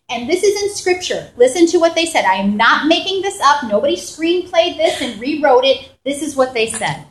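A woman from New York preaching a sermon in a lively, conversational way, often asking "right?" and acting out quotes. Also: sits high. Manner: animated, conversational, with repeated "right?" and acted-out quotes. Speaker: pastor. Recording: echoey hall.

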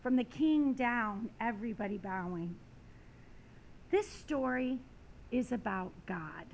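A woman's voice: a little high, animated, slow pace, gravelly, darkish tone, slight background noise. A woman preaching a sermon, reading scripture and stories with dramatic rising and falling emphasis.

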